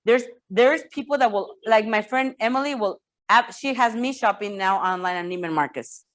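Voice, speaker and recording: Woman, higher pitch, real estate sales coach, energetic delivery, frequent repetitions, checks in with the audience. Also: moderate pace. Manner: energetic, repeats words, asks the room for checks. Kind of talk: sales training talk.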